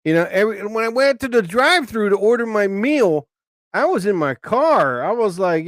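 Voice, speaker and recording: A man hosting a casual live stream, rambling excitably and breaking into frustrated, swearing outbursts. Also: high-pitched, moderate pace, no room sound, studio quality. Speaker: live show host.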